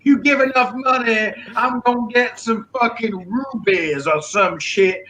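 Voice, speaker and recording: A man's voice: extremely high pitch, a little slow, sharp tone, low-quality recording. A man co-hosting a comedy show over a video call, brash and swearing in mock-outraged banter. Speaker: guest host.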